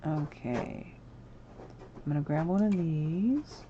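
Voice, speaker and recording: A woman's voice: low-pitched, slow pace, highs cut off, background noise. A woman hosting a live game stream, chatting casually and apologetically with her viewers and breaking into sudden exclamations. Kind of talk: casual livestream chat while building in a game.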